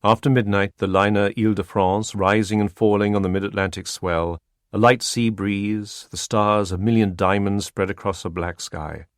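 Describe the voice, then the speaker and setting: A man reading a wartime spy novel aloud in measured, even scripted narration. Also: fairly low pitch, no room sound. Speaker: audiobook narrator. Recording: dry close studio sound.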